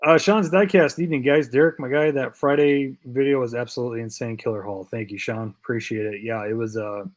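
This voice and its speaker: Brisk and fairly even in intonation, a man with a mid-range voice runs a casual diecast chat stream. He reads out viewer comments loosely, repeating himself and using lots of fillers, sounds worn out from too little sleep, and fakes a Canadian accent for laughs.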